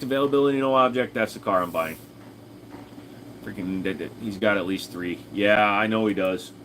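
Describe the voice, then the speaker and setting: A man's voice: lowish voice, moderate pace, fairly bright tone, a little hiss or hum. A man streaming live, chatting casually and rambling as he answers viewers, swearing freely. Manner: rambling, profane, answers chat. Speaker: streamer reading chat.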